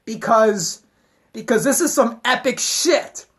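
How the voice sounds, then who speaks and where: A woman's voice: on the high side, slow pace. A woman giving a heated, profane, rambling rant to her camera. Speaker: vlogger.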